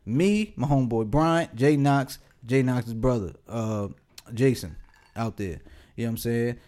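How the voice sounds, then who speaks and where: A man's voice: mid-range voice, unhurried, warm tone. A man in his late twenties telling a casual, profane story on a podcast and often laughing as he talks. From Pasadena area, California. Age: 20s. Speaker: podcast co-host.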